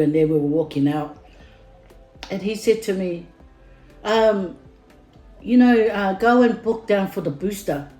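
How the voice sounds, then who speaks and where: Middle-aged Samoan woman, vlogger, rambling story with lots of "um"s, low voice, echoey room, faint music underneath. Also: mellow. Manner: rambling, many fillers, heated when retelling. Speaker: family vlogger. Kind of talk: casual storytelling to camera. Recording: roomy echo with faint music.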